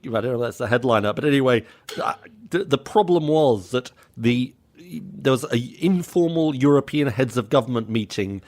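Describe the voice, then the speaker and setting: A man's voice: mid-range voice, animated, moderate pace, darkish tone. A man from Britain co-hosting a podcast, telling an anecdote in a chatty way with many restarts. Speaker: podcast co-host. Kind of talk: casual chat.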